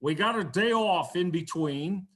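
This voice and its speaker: Older male broadcaster, as a man imitates him, slow, deliberate, fatherly, slightly high voice. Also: animated, fairly bright tone. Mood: upbeat planning. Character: older male broadcaster, calm, steady mentor.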